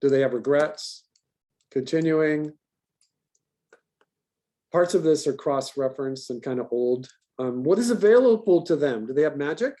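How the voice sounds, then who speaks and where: A man's voice: fairly high pitch, moderate pace, pauses often, mellow. A man teaching a class, talking through a worksheet in a loose, rambling way with many fillers and repeated words. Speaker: voice acting teacher. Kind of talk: classroom lecture.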